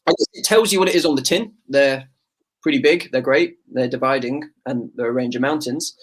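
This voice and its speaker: A man's voice: medium pitch, fairly quick. A man co-hosting an online quiz, chatting about the answers in a joking, self-deprecating way. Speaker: quiz co-host. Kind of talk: casual quiz answer chat.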